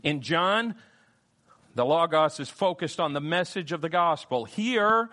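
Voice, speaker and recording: A man's voice: expressive, measured pace. Emphatic man preaching a Bible study. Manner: emphatic, repeats key phrases, wide swings in pitch and loudness. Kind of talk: Bible teaching sermon.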